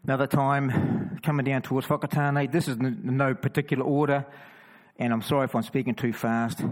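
A man with a New Zealand accent, casually telling stories of walking the roads with a cross, full of quick restarts and chatty asides. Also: mid-range voice, level tone, low-quality recording. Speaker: cross-carrying Christian walker. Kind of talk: casual storytelling testimony.

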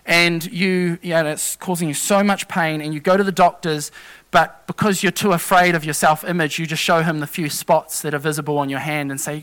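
An earnest male preacher with a high, bright, ringing voice. He talks through scripture in a plain, personal way, stumbling and restarting mid-phrase as he explains each point. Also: clean tone. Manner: earnest, halting with restarts and self-corrections. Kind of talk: sermon.

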